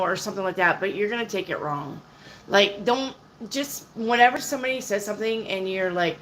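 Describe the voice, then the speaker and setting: A woman giving casual live-stream tarot readings. She answers viewers' questions out loud and keeps checking in with "okay?", clearing her throat now and then. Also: mid-range voice, fairly quick, slight background noise, poor audio. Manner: chatty, checks in with "okay?" and "all right?" often; reads viewer questions aloud and answers them. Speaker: tarot reader.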